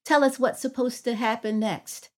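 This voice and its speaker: Middle-aged woman, guest storyteller, earnest and thoughtful, slightly high voice. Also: steady tone, moderate pace. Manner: earnest, reflective, acts out dialogue in a raised voice. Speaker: guest, psychology professor. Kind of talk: storytelling in a podcast conversation.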